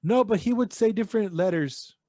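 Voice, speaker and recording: A man co-hosting a casual podcast, rambling through his thoughts with plenty of swearing and the odd bit of Spanish slang. His voice sits a little high for a man, and the recording is close and dry. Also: brisk, darkish tone, no echo. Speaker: podcast co-host. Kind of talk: casual chat.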